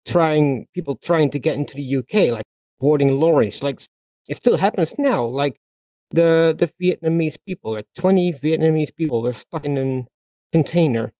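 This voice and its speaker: A man's voice: fairly high pitch, normal speed, dark tone, no room sound, muffled recording. A man in a casual chat, talking bluntly and with exasperation, ranting as co-host.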